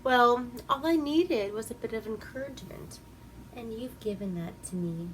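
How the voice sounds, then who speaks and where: A man's voice: very high voice, moderate pace, a little hiss or hum, pitched above the performer's own voice, rough recording. A woman voicing a smarmy 1950s male movie hero who flirts corny and teasing. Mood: smug.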